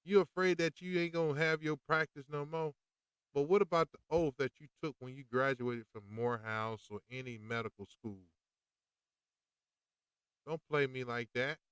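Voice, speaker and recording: A man's voice: mid-range voice, moderate pace, a bit bright, clear, resonant tone, dry recording, rough recording. A man hosting a podcast, talking in a fired-up, preachy and slangy monologue. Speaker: podcast host. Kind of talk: opinionated monologue.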